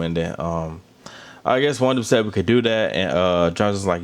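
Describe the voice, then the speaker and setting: Chatty guy w/ a low-ish voice, aave, just talking to the camera about a reality show ep. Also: moderate pace, smooth. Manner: chatty, animated, talks straight to viewers. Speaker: reality TV recap host. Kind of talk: casual commentary. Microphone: phone or camera held close.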